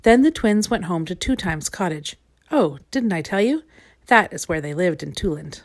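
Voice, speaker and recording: A woman reading a children's storybook aloud in a gentle, expressive way. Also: lowish voice, moderate pace.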